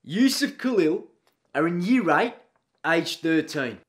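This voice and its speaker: A man doing a loud Aussie PE teacher. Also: a little high, lively intonation, slow. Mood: bossy, incredulous. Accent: Australian. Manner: loud, blunt, pushy, calls everyone mate. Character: brash loud Australian male PE teacher, 43. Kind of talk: comedy sketch.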